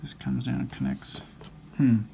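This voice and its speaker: Man, gravelly voice, mumbles while sketching, thinks aloud, faint background hiss. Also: medium pitch, little pitch movement, unhurried, warm tone. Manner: mumbling, self-correcting as he draws. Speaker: drawing instructor.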